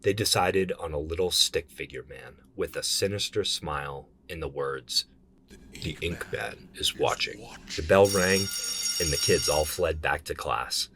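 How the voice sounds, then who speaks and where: A man reading a horror story aloud in a steady storytelling manner. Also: rumbling low, a little slow. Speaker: narrator.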